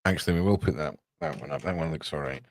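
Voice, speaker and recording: Gravelly low-voiced man. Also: fast, no echo. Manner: muttering to himself while working, playful asides. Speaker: live streamer. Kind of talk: casual live-stream chat.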